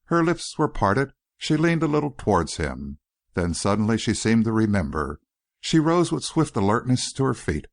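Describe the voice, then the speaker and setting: A lowish male voice narrates a scripted audiobook, unfolding the story in a measured and expressive manner. The studio-quality recording carries no echo.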